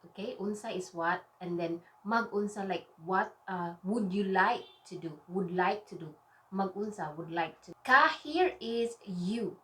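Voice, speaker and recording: Lady teacher going over bank phrases, stretches words out slow, keeps saying okay?. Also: medium pitch, a bit bright. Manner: slow, drawn-out enunciation of example words; checks in with a frequent "okay?". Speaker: language teacher. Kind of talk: language lesson.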